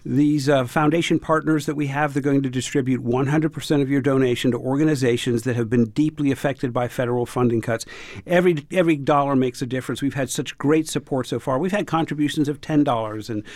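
A man on public radio explains how a fundraiser works, earnest and steady, with the odd "uh" along the way. His voice sits in the middle of the range. The studio sound is close and dry. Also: medium pitch, quick pace, no room sound. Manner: earnest, explanatory, occasional fillers. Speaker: radio host. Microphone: studio microphone.

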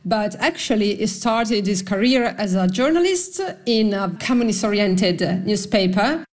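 A woman's voice: mid-range voice, animated, a little slow. Woman professor explaining history. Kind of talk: interview.

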